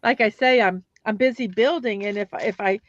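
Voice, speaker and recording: A woman's voice: mid-range voice, moderate pace, dull audio. A woman hosting a livestream, chatting casually and rambling with fillers and restarts while she builds blocks.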